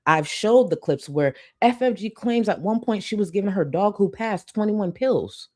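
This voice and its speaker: A woman's voice: medium pitch, lively intonation, normal speed, a little mellow. A young woman hosting a casual commentary livestream, chatting and reading out supporter messages. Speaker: livestream host.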